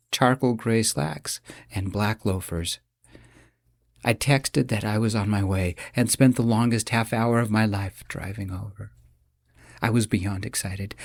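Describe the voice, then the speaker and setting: Gravelly male audiobook narrator. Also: lowish voice, a little mellow, no echo, studio quality. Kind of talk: first-person audiobook narration.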